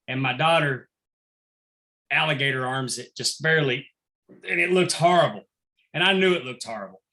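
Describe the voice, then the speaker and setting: A man, a longtime wrestling referee, telling lively anecdotes in a casual interview and acting out the quotes. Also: fairly high pitch. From Texas. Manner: animated anecdotal storyteller, acts out quotes.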